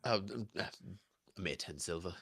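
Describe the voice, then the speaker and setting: A man's voice: deep voice, animated, moderate pace, vocal fry, a bit bright, slightly rough, no room sound, clean studio sound, full character voice. A man voicing a polite, businesslike male library clerk in a tabletop game. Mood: formal. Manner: polite, formal and careful.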